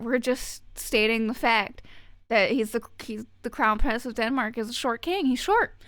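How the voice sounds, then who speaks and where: A woman streamer reads out chat messages and riffs on them, sarcastic, swearing freely and laughing often. Her voice is a bit high and sounds close and dry, with no room around it. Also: smooth, dry recording. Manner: sarcastic, profane, quick to laugh. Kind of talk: casual chat with viewers.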